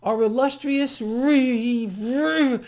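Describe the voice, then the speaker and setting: A man's voice: very high voice, very slow, a little mellow. A man giving a sarcastic, emphatic solo commentary on the markets as the host of his own video channel. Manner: sarcastic, mocking, blunt and emphatic.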